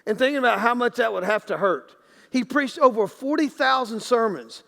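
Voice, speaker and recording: A man's voice: extremely high pitch, moderate pace, vocal fry, a bit bright, long reverb tail. A man preaching a sermon as pastor in a church sanctuary, talking in a loose, conversational way with many restarts and acted-out quotes.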